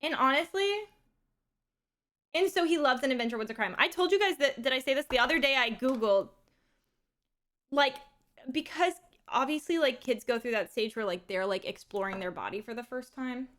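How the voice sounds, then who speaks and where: A young woman chatting casually on her live stream while she plays a game, her voice sitting a little higher than most. She tells rambling, animated stories, piling on fillers and restarts as she goes. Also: normal speed, long pauses.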